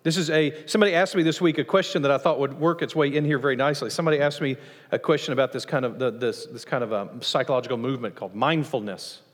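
A man preaching a sermon as pastor of a church, lively, acting out voices from the passage as he teaches. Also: quick pace. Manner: animated, acts out quoted voices with rising pitch. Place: church sanctuary. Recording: long church reverb.

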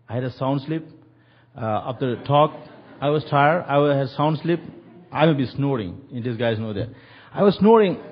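A man's voice: mid-range voice, slightly rough, muffled recording. A man preaching a sermon and telling a story, acting out the quoted voices with animation.

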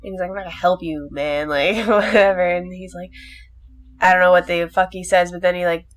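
A woman's voice: fairly low pitch, fairly even intonation, fairly quick. A young woman in casual chat, rambling animatedly through a movie plot, full of swearing and filler words.

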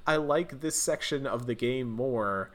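A man's voice: mid-range voice, unhurried, fairly bright tone. A man in casual chat recapping a video game, rambling with plenty of fillers and restarts.

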